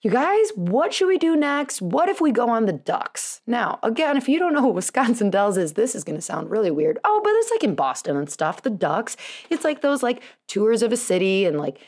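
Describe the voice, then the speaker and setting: A woman's voice: medium pitch, a little mellow. A woman in her thirties hosting a podcast, telling a rambling personal story in a chatty, self-deprecating way and laughing often. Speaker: podcast host, chiropractor. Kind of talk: casual storytelling monologue.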